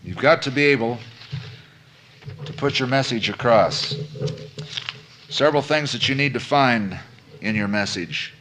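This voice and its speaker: A man's voice: mid-range voice, expressive, unhurried, long pauses, fairly bright tone, a little hiss or hum. A man giving a business seminar lecture to a live audience, folksy and conversational, asking questions and repeating phrases for emphasis. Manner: folksy, addresses listeners as folks.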